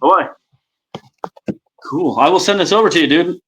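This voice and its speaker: A man guest in a casual interview, talking in a lively, chatty way. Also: on the high side, moderate pace, breathy edge, rough recording. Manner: lively, chatty, many fillers. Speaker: guest, impressionist.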